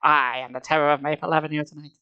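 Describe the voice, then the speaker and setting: A man voicing a young teenage girl who is thrilled with her scary mask, reading her lines with excitement. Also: on the high side, fast talker, smooth, muffled recording, close to an everyday voice. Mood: gleeful. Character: scheming young teen girl in a monster mask.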